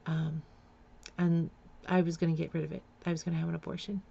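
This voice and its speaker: A woman recounts her own past in a candid, confessional way. Her voice sits low and carries a gravelly edge, and the recording sounds dull and lo-fi. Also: little pitch movement, a little fast, mellow. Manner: frank, confessional, blunt. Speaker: memoir storyteller. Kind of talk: candid personal storytelling.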